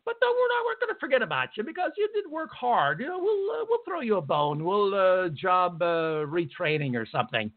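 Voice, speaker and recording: In a political talk radio monologue, this male studio host rants sarcastically and indignantly, full of fillers. His high voice swoops wildly in pitch, and he talks fairly quickly with hardly any pauses; the audio is narrow and phone-like.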